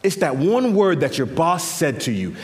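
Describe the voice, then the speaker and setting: A man preaching a sermon as pastor, swinging between quiet intimate passages and louder emphatic lines, often repeating words as he builds a point. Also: on the high side, normal speed. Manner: animated preaching, drops to quiet intimate tones and rises for emphasis. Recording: long reverb of a large hall.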